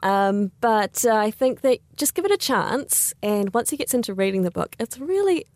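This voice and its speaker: A woman's voice: fairly high pitch, very animated, moderate pace, a little mellow, dry recording. A woman co-hosting a podcast in casual chat, rambling with lots of fillers and frequent laughter. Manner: chatty, rambling with many fillers, laughs often. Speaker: podcast co-host.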